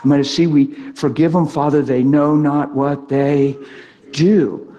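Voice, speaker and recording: High-voiced emphatic preacher. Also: male voice, fairly even intonation, unhurried, dark tone, lo-fi sound, slight background noise. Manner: spontaneous, emphatic storytelling with voiced quotes. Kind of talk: sermon with personal testimony.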